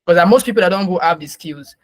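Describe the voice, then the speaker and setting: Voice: mid-range voice, very fast, no room sound. A moderator giving casual advice in a loose way and checking in with listeners as they go. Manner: loose, with frequent fillers and restarts, checking in with "okay". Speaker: session moderator. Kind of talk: casual advisory talk.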